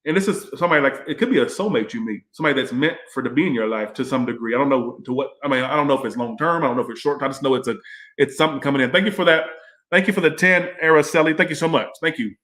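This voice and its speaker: A rambling, chatty man reads tarot on a casual livestream. His voice sits at an average pitch, and he swears freely as he talks. The room around him is echoey. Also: rapid-fire, a bit bright. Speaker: tarot reader and livestream host.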